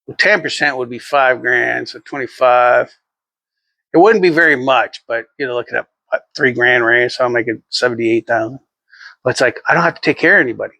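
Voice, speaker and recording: A man's voice: medium pitch, a little fast, gravelly, pushed and bright, dry recording. Rambling middle-aged man, blunt and profane. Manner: rambling, profane, chuckles often. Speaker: vlogger. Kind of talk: casual monologue.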